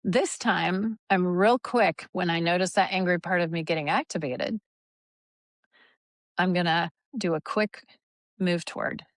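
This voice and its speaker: Low-pitched woman therapist, dry close sound. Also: measured pace, dry recording. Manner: animated, acts out hypothetical angry lines. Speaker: therapist guest. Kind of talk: conversational interview.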